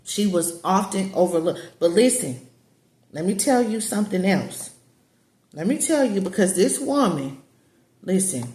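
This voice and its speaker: A woman's voice: mid-range voice, lively intonation, a little slow, a little mellow, reverberant. A woman preaching casually and emphatically to her viewers, repeating herself and calling them y'all. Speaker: spiritual teacher and online community leader.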